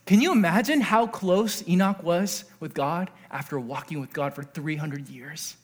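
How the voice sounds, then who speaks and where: High-voiced excitable male preacher. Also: normal speed. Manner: earnest, swings from hushed to excited. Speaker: pastor. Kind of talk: sermon.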